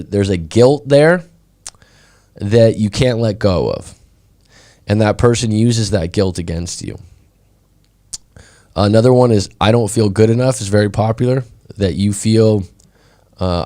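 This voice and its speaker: A male breakup coach talks through his live stream in a loose, chatty monologue and keeps checking in with "right?". His voice sits a little low and sounds warm and relaxed rather than bright. He speaks with easy, conversational energy. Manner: chatty, frequently asks "right?".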